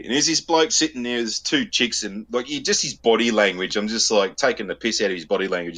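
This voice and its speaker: Man, Australian accent, lowish pitch, bright tone, crude casual storytelling, heavy swearing. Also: a little fast, breathy edge. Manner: crude, swears constantly, laughs at his own stories. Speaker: podcast co-host.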